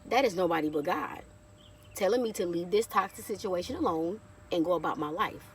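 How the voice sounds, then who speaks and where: A woman's voice: fairly low pitch, animated, brisk, recorded from a distance, slight background noise. A woman in her thirties sharing a heartfelt personal testimony in a casual vlog, talking straight to her viewers and calling them y'all. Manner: heartfelt, chatty, keeps addressing viewers as y'all. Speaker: vlogger.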